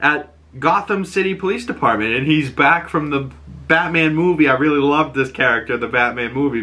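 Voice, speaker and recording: A man hosting a podcast, recapping a TV episode in a casual, animated way, laughing and swearing often. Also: mid-range voice. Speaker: podcast host.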